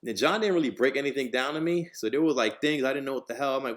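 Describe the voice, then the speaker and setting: Talking fast at a medium pitch, this New Jersey podcast host spins a story full of profanity and energy. He performs the quoted voices of the story's characters himself.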